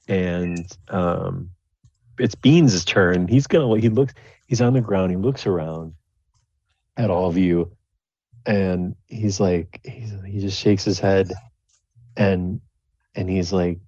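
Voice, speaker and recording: A man's voice: low voice, fairly even intonation, takes it slowly, pauses often, darkish tone, no room sound. A man narrating as game master of a tabletop game, rambling with many restarts. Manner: rambling, full of restarts and fillers, slips into character voices. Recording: dull, lo-fi dry recording.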